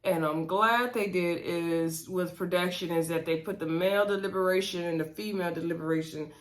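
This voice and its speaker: A woman's voice: on the low side, fairly even intonation, fairly quick. A woman recapping a reality show episode in a chatty, sassy way, talking straight to her viewers and laughing between remarks. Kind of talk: casual episode recap commentary.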